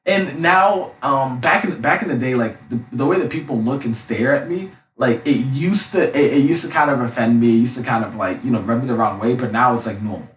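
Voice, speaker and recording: A young man talks in a loud, passionate voice at a middle pitch. He keeps checking in with tag questions as he goes. The sound is roomy, as if the mic sits some distance away. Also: brisk, few pauses, slight background noise. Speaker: life coach. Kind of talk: casual monologue.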